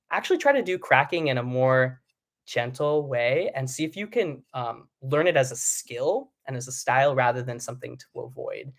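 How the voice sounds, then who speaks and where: A young man who is a vocal coach, teaching a live online singing lesson in a relaxed, explaining way and breaking into short sung demonstrations. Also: mid-range voice.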